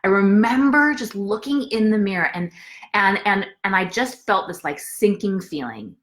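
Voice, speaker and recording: A woman's voice: medium pitch, expressive, moderate pace, fairly bright tone. A woman coach hosting a live motivational session and telling a personal story, earnest and repeating phrases for emphasis. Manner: greets viewers by name.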